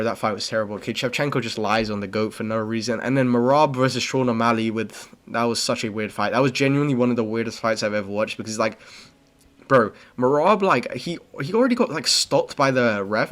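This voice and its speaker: A young man talks through a fight recap in loose, rambling fashion, constantly dropping slang and checking in with the listener. His opinions come out blunt and unfiltered, and his voice sits at an ordinary middle pitch for a man. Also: brisk, fairly bright tone. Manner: rambling, slangy, says "bro" and "okay" constantly. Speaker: MMA commentary channel host. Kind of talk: casual recap commentary.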